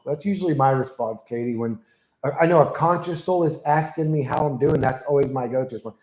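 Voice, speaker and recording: A man's voice: mid-range voice, a little fast, reverberant, poor audio. A man hosting his own channel, ranting casually and bluntly with lots of swearing, dictating punctuation aloud to a voice assistant with the mic right next to him. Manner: talks loudly into the mic. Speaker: channel host. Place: room at home.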